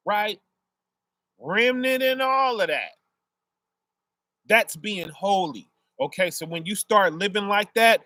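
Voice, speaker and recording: A man with a fairly high voice delivers a loose, conversational sermon, stopping after almost every phrase to check "right?" with his listeners. He explains his points through homely family examples. The sound is dry and close. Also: sharp tone, dry recording. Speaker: preacher. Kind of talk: casual street sermon.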